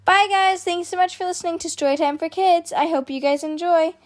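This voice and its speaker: A woman hosting a children's story podcast, reading aloud in a gentle, expressive way. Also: very high voice, brisk. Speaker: host, storyteller.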